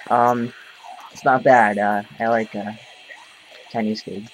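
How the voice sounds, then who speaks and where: A man's voice: on the low side, level tone, slow, slight background noise, rough recording. A man talking straight to his camera in a casual rant, rambling and profane, full of fillers. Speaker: vlogger. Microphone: camera mic.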